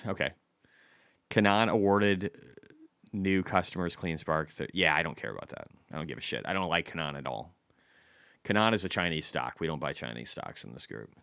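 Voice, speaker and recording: A man's voice: a bass voice, animated, normal speed, gravelly, fairly bright tone, dry recording, clean studio sound. A man hosting a casual stock market livestream, blunt and chatty, reading economic data aloud and answering viewers' questions.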